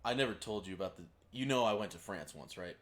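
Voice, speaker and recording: A man's voice: on the low side, fast talker, a crowd in the background. A man with a Texas accent, co-hosting a podcast and telling a rambling anecdote full of fillers. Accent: Texan. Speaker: podcast co-host. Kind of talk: casual storytelling.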